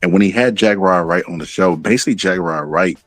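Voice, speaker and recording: A man's voice: low-pitched, fairly quick, a bit bright, no echo, faint music behind. A man hosting a casual commentary, rambling and swearing as he talks through stories and acts out what others said. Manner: rambling and profane, acts out quotes. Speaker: commentary channel host.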